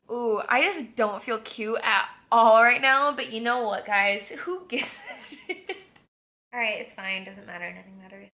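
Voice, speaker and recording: A woman's voice: on the high side, bright, forceful tone, roomy sound. A young woman vlogging while she cooks in her home kitchen, chatting candidly, giggling often and swearing freely. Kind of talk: casual chat.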